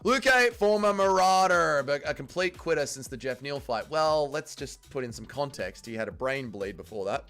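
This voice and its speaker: A man's voice: medium pitch, normal speed, few pauses, soft background music. A man hosting a casual watch-along livestream, reading chat aloud and joking crudely, swearing freely. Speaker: livestream host.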